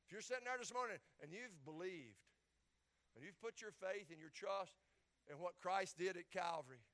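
A preacher man delivers a sermon in a high, ringing, bright voice. He stumbles over and repeats words as he works up to loud, shouted climaxes. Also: expressive, normal speed. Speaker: pastor.

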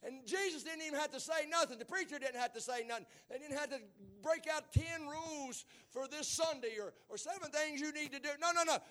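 A man preaching a sermon in a church, emphatic, dropping to low murmurs and then rising to shouted exclamations. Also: fairly quick, few pauses.

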